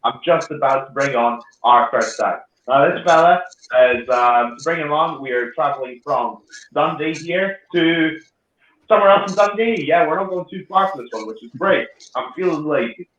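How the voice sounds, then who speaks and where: A man hosting a comedy show, telling quick punchline jokes and checking in with "right?" and "yeah?". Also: a little high, fairly bright tone, roomy sound, rough recording. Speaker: comedy club host. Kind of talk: stand-up comedy and act introductions.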